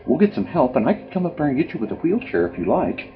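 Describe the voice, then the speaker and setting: A gushing chapel volunteer, sweet to the point of unreal, as a man puts her on. The voice climbs high and breathless with cheer. It is captured on a dull, lo-fi home recording with faint music behind. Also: big pitch swings, quick pace. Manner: syrupy, bubbly, over-sweet.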